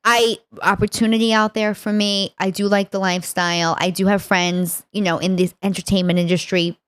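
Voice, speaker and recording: A woman's voice: mid-range voice, smooth. A woman with a New York accent, chatting as a comedian guest on a podcast and playfully acting out exchanges. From New York City. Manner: animated, playful, acts out quick exchanges. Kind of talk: casual podcast conversation.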